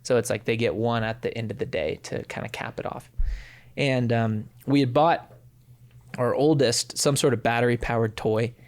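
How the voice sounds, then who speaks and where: A man in his thirties co-hosting a podcast, telling a personal story in a relaxed, reflective way. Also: mid-range voice, moderate pace. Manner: warm anecdotal telling, acts out quotes. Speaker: podcast co-host. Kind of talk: casual storytelling.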